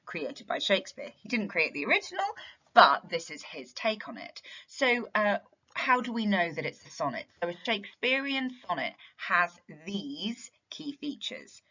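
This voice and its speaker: Woman teacher, lower voice, lo-fi recording. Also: sharp tone, slightly rough. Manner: explanatory, asks rhetorical questions. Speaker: English literature teacher. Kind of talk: revision tutorial.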